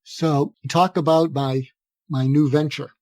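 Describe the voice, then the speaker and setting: A man's voice: a little high, fairly even intonation, slow, a little mellow, no echo. An older man, a psychiatrist, giving advice in an earnest conversational way, often restarting his phrases and acting out sample dialogue. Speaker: psychiatrist guest. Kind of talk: conversational podcast interview.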